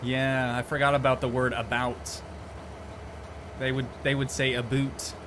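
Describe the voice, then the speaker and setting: Male game streamer, casual, jokey, mid-pitched, light background noise. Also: level tone, a little slow. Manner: chatty, joking, reads and answers chat messages. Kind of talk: casual live-stream chat while playing.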